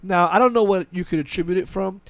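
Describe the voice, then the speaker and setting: A man on a podcast mic, rattling off a story at a quick clip in a fairly high voice. He restarts often and acts out both sides of conversations. The sound is close and dry. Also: vocal fry, dry recording. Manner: fast, animated storytelling with frequent restarts and quoted dialogue. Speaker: podcast host. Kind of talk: casual podcast chat, storytelling.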